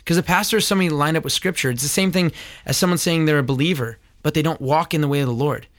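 A man hosts a critical commentary show on church teaching, talking fast in a voice on the high side and a bit bright. He comes across earnest and preachy, stammering into restarts at times, captured in clean studio sound with no room sound.

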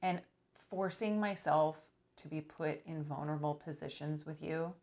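A woman's voice: low-pitched, moderate pace, vocal fry, darkish tone. A woman who counsels couples, talking reflectively with her partner and thinking aloud. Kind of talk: casual couple's conversation.

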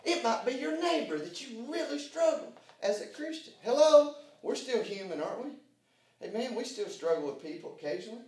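Male preacher, high voice, soft to shouting, echoey room, distant mic. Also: very animated, moderate pace. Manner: preaching with big swings in volume, from hushed to shouting; fillers like "hey, man" and "uh". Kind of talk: sermon.

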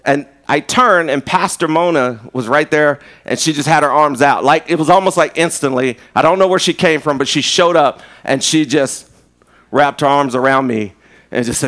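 Man preaching a lively sermon. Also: a little high, moderate pace. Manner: conversational preaching with repeated words and rising emphasis. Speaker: pastor. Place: church.

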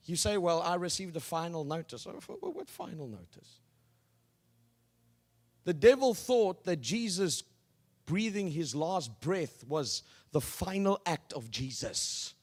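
A male pastor preaching with a lively, animated delivery and a fairly high voice. He swings between loud declarations and quiet, hushed asides, and he calls on the congregation to repeat phrases after him. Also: unhurried. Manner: leads the congregation in call-and-response. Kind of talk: sermon.

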